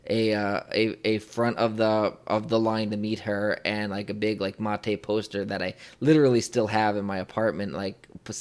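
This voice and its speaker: A man's voice: fairly low pitch, flat delivery, normal speed, hardly any pauses. A young man interviewing a guest, telling a personal story in a rambling, emotional way, full of fillers and restarts. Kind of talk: casual conversational storytelling.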